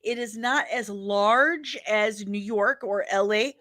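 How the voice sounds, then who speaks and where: A woman's voice: mid-range voice, slow pace, fairly bright tone. A woman from St. Louis with a St. Louis accent, hosting a daily comics news show in a casual ranting commentary, emphatic and exasperated, often ending her points with "okay?". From St. Louis, Missouri.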